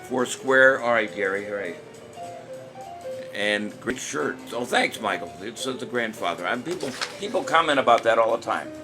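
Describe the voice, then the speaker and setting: A man's voice: medium pitch, animated, normal speed. An older man casually hosting a live-stream trivia show, chatty and jokey, chuckling at his own jokes. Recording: music playing under the voice.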